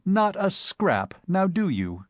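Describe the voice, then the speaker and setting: A playful young woman, as a male narrator puts her on in an audiobook, needling and teasing. The voice is lifted higher with lively swings. The recording is close and dry. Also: takes it slowly, no echo, full character voice. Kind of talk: audiobook character voice.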